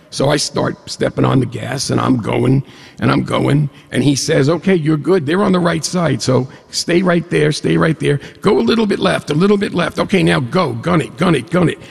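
Gravelly storyteller man in a hall. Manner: animated, jumps up in pitch for quoted dialogue. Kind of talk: humorous personal story told to an audience. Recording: long hall reverb.

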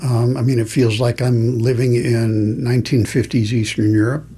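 Husky-voiced man pastor speaking candidly. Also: medium pitch, little pitch movement, moderate pace, dark tone. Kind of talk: interview comments.

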